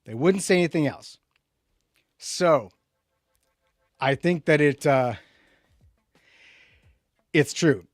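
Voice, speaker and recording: A man hosting a casual tech livestream. He rambles and restarts a lot, jumping between loud emphatic bursts and low muttered asides. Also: expressive, takes it slowly, long pauses, no room sound, studio quality. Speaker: livestream host.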